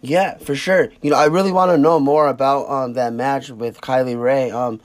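A man casually interviewing a guest, relaxed, leaning on "you know" fillers and the odd swear. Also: medium pitch, moderate pace.

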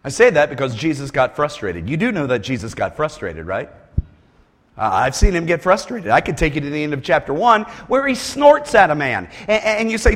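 High, lively-voiced man preaching in a hall. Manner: animated preaching, swings from quiet asides to loud shouted lines; repeats words and restarts phrases as he goes. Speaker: pastor. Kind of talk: sermon.

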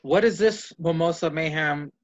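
A high-pitched man hosts a loose, profane podcast chat with his friends. He steers the talk and throws questions to his co-hosts. The audio is dull and lo-fi. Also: normal speed. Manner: profane, acts out comic scenes in high squeaky voices. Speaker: podcast host. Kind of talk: casual chat.

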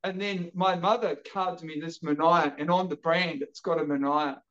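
A man from New Zealand, an energetic podcast guest telling his story with lively acted-out quotes. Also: a little high, normal speed, lo-fi sound. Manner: energetic, acts out quoted voices. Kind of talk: animated storytelling.

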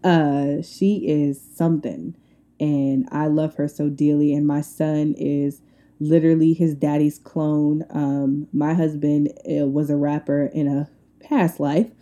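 A woman in her twenties with a deep voice hosts a casual solo podcast, speaking slowly. She tells stories bluntly and colloquially, ranting in an animated way and laughing a lot.

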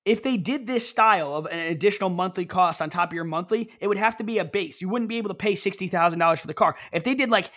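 Young guy cohosting a stream, high voice, gets worked up and rambles. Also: fast talker, hardly any pauses. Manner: excitable, animated, rambling. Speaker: co-host. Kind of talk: casual chat.

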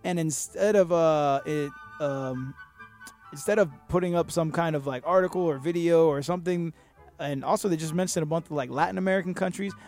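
A man's voice: fairly high pitch, a little fast, faint music behind. A man hosting a podcast, raised in Miami, giving sarcastic, profane comedic commentary on the news. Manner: animated, sarcastic, swears a lot. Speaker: podcast host.

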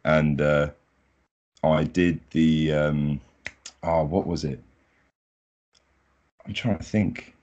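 A young man, a podcast guest chatting casually in a relaxed, modest, unhurried way. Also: rumbling low, dull audio. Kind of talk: casual chat.

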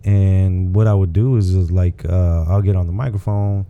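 A man's voice: low-pitched, little pitch movement, moderate pace, clean tone, phone-quality sound. A man from Texas, a comedian guest, chatting casually and telling rambling stories, often adding "you know what I'm saying". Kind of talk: casual podcast chat.

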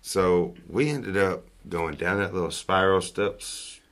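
A man with a Southern US accent and a fairly low voice, talking casually and profanely with buddies. He rambles, restarts, and laughs his way through the tale. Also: slow. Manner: rambling, profane, gets loud and laughing as the story builds. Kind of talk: casual storytelling chat.

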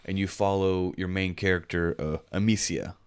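A man's voice: sits low, normal speed, smooth. A man co-hosting a casual video game podcast, rambling with lots of fillers. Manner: relaxed, rambling, frequent fillers. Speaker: podcast co-host. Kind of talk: casual chat.

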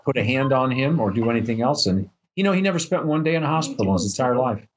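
An older man co-hosts a casual podcast chat and speaks his mind bluntly. He swears freely and sounds opinionated, at a middle pitch. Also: expressive, quick pace, low-quality recording. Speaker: podcast co-host.

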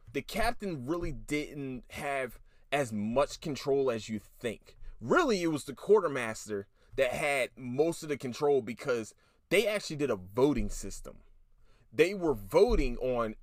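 A man's voice: mid-range voice, a little slow, dry recording, studio quality. A man hosting his own podcast, talking casually and rambling, swearing often and restarting his sentences. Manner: animated, profane, rambling with restarts. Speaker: podcast host. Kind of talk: casual solo podcast commentary.

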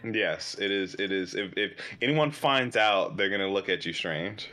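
Bright, argumentative man in casual chat. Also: deep voice, expressive, moderate pace. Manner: argumentative, stammers, swears, laughs often. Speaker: podcast co-host.

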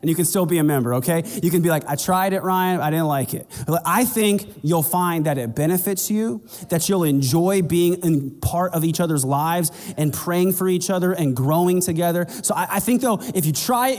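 Male pastor, conversational sermon delivery, slightly higher voice, long hall reverb, jumps up in pitch for acted-out dialogue. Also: fairly quick, few pauses, a little mellow. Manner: conversational preaching, acts out dialogue in a raised voice.

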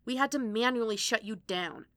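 A woman voicing a brisk female scientist who speaks in firm, clipped, matter-of-fact sentences. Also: fairly high pitch, a bit bright, no room sound, pitched above the performer's own voice, lightly acted.

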